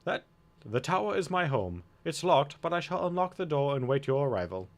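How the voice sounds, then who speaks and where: A man voicing a kindly elderly male scholar who speaks formally and gently, with lively intonation. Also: a little high, brisk, voice pushed up. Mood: hushed.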